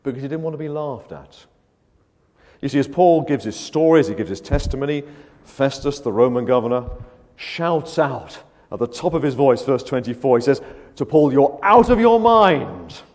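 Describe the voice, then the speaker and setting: A man preaching an evangelistic sermon, firing rhetorical questions and swinging between hushed and loud delivery. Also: medium pitch, normal speed. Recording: echoey hall.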